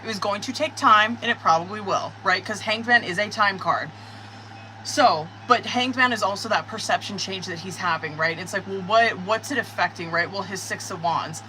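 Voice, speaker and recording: A woman doing a live-stream tarot reading, talking straight to her viewers in an excitable, profane, chatty way. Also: mid-range voice, normal speed, a little hiss or hum, rough recording. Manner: excitable, cursing, talks to viewers. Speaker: tarot reader.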